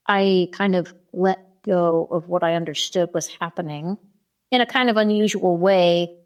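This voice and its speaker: A woman who is a podcast guest, telling a personal story in an animated way with many fillers. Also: on the low side. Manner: animated, many fillers, acts out quoted dialogue.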